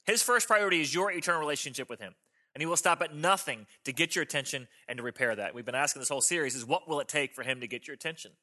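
A man's voice: on the high side, pushed and bright. A male pastor preaching a sermon to a congregation in a church, in a conversational style and joking with the listeners. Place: church sanctuary before a congregation.

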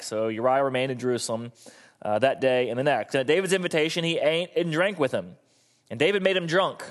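A man in his thirties preaching a sermon, telling the story with animated, acted-out voices. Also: mid-range voice, quick pace. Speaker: pastor.

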